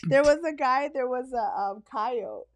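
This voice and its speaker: A woman's voice: sits high, a little slow, dry recording, clean studio sound. A woman from Canada co-hosting a casual podcast, telling stories animatedly and acting out the quotes. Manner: animated storyteller, acts out quotes. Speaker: podcast co-host. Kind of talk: casual chat.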